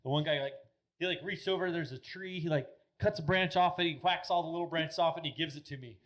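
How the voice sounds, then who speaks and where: A man's voice: on the high side, quick pace, fairly bright tone. A man in his thirties, a podcast guest telling stories in a rambling, casual way, full of filler words and swearing. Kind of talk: casual storytelling chat. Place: podcast studio.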